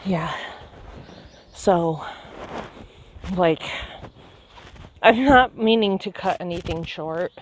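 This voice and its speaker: A woman with a fairly low voice speaks very slowly and pauses often as she vlogs along a nature trail. Breathless and chatty, she's full of amazement and fillers, and the handheld outdoor audio is noisy.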